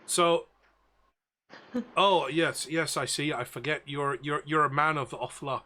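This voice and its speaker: A man voicing a gruff, worried male ship captain with a rough put-on Belfast accent in a tabletop game. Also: a little high, measured pace, bright, forceful tone. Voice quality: rough, self-admitted poor accent.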